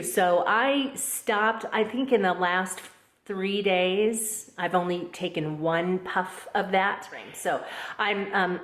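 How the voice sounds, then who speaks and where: A woman's voice: fairly low pitch, roomy sound. A woman vlogger chatting casually to her viewers, rambling with lots of fillers and restarts. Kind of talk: casual chat to camera.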